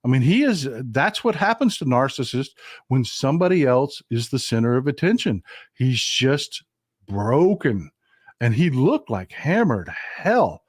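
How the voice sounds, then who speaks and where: A man's voice: mid-range voice, big pitch swings, unhurried, slightly rough, no room sound, studio quality. A man with a Southern American accent hosting a casual political live stream, talking in a folksy, emphatic way and answering his chat.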